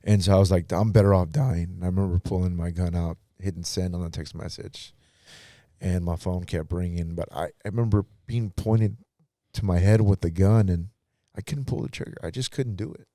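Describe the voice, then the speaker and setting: A man's voice: deep voice, fairly even intonation, moderate pace, mellow, no room sound, clean studio sound. A man, a pastor on a podcast, telling his life story earnestly and acting out past conversations. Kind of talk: personal testimony in casual talk.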